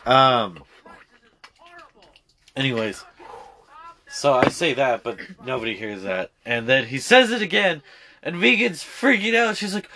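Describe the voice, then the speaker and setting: A young man in his twenties telling a story in casual chat, animated and profane. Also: sits high, slow.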